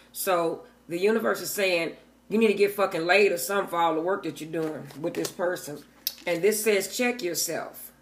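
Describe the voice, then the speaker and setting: A woman's voice: fairly low pitch, slight background noise. Blunt, profane woman reading oracle cards. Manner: blunt and profane, laughs often; talks straight to viewers, frequent "okay?". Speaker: tarot card reader. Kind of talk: casual oracle card reading to viewers.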